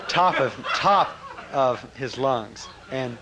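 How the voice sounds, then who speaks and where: Animated man telling a story. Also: mid-range voice, slow, heavy background noise. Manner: animated, laughs often, trailing fillers. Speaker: speaker recounting a memory. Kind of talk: personal anecdote to a live audience.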